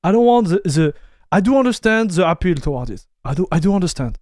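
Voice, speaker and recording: A man talking loosely with his live chat as he reviews software, restarting lines and tossing in "dude" and "bro". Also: high voice, very animated, fast talker, no room sound, clean studio sound. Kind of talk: casual live-stream chat.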